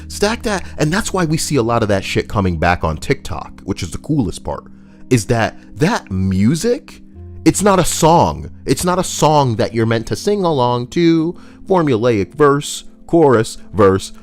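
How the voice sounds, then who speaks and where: A young YouTube commentator rambles through casual, profane commentary in a wildly lively voice. He swings between loud rants, pushing hard on some lines, and low mutters on others, with faint music humming underneath.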